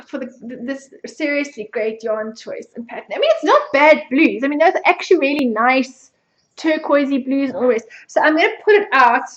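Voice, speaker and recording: A South African woman with a high voice chats casually on her podcast, poking fun at herself and laughing often. The recording sounds dull and lo-fi. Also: lively intonation, brisk, reverberant. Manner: chatty, self-mocking, laughs often. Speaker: podcast host. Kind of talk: casual chat.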